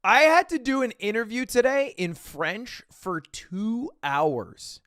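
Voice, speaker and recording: Animated young man streaming, swearing freely. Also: sits high, a little slow, few pauses, dry recording, clean studio sound. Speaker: livestream host. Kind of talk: casual chat with viewers.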